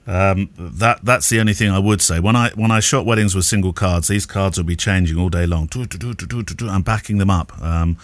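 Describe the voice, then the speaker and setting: A man's voice: low voice, steady tone, a little fast, few pauses, dry recording. A man co-hosting a casual photography podcast, giving wedding advice in a chatty way and laughing easily.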